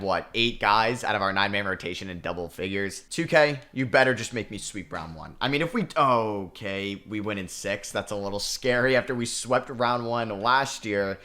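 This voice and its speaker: A man doing video game commentary, reacting with excitement and frustration as he plays through a basketball simulation. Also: lowish voice. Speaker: gaming video creator.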